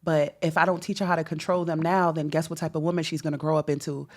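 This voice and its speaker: A woman's voice: low voice, flat delivery, fast talker. Blunt, emphatic woman chatting. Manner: emphatic and blunt, laughing often. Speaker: podcast panelist. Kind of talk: casual chat.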